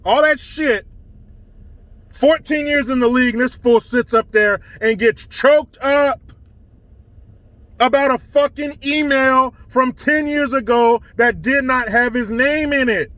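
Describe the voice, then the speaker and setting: A man's voice: extremely high pitch, a little slow, fairly bright tone, dry recording. A man giving a profane, sarcastic rant as an online commentator, mocking as he goes. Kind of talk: ranting commentary.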